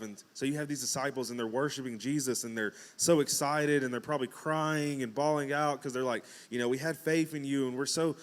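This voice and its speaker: A man preaching in a relaxed, conversational way from a church pulpit. His voice sits at a middle pitch. He breaks into acted-out quotes and jokes as he goes. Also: brisk, few pauses. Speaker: pastor. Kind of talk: casual sermon.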